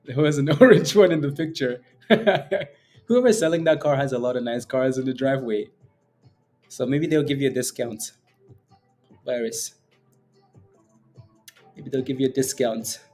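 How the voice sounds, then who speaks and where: A man's voice: mid-range voice, moderate pace, long pauses, darkish tone, faint music behind. A man hosting a live day-trading stream, chatting casually with viewers, playful and laughing often while reading the chat. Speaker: day-trading livestream host.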